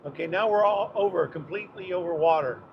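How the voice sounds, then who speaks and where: A man's voice: sits high, fast, vocal fry, muffled recording, background noise. A man co-hosting a casual live stream from a moving car, joking and bantering with his wife. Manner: joking, chatty banter while driving. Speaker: co-host.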